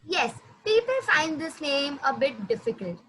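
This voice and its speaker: A woman teaching a language lesson, patiently repeating words slowly for her student. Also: high voice, sing-song, fairly bright tone, slight background noise, rough recording. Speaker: French teacher.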